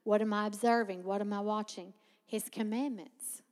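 A woman preaching a sermon, teaching with lively asides and frequent laughter. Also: medium pitch, moderate pace, big-room sound.

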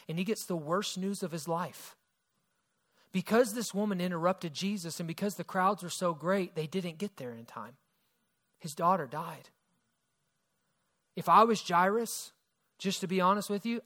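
A man with a high voice preaches a sermon, telling the story with energy. His delivery swings between loud, emphatic lines and hushed, quiet ones. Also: moderate pace. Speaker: pastor.

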